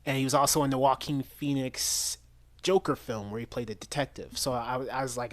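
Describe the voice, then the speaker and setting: A man's voice: mid-range voice, steady tone, a little fast, no echo. A man giving a casual, enthusiastic spoken movie review, chatty and full of restarts. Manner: chatty, enthusiastic, with frequent restarts and quoted lines.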